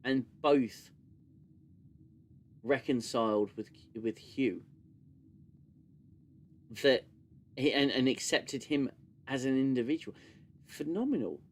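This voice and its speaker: A man hosting a casual live discussion stream, talking in long animated runs and sometimes mimicking gushing voices. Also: mid-range voice, slow pace, long pauses. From United Kingdom. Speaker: podcast host.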